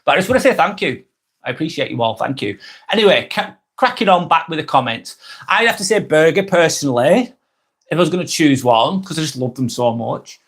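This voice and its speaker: A man in his forties hosting a live stream, chatting casually and reading out viewer comments, friendly, rambling and quick to apologise. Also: a little high, animated, fairly bright tone, husky. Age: 40s. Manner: chatty and friendly, ranting a little, apologising often.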